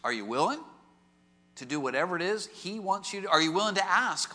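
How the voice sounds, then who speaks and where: A male pastor preaching a sermon in an auditorium, telling stories with lively rhetorical questions. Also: high-pitched, fairly quick, long reverb tail. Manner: animated storytelling with rhetorical questions. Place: large auditorium.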